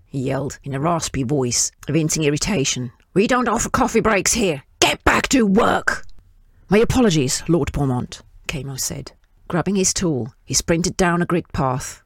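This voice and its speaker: A woman reading her own fiction aloud in a measured, descriptive way. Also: low-pitched, dry recording, clean studio sound.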